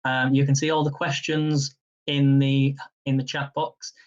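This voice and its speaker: A man runs a live-streamed quiz at a mid pitch, chatting loosely between rounds. He slows right down to read each question with care, then reads it again. The stream audio is dull and lo-fi. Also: level tone, recorded from a distance. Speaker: quiz host.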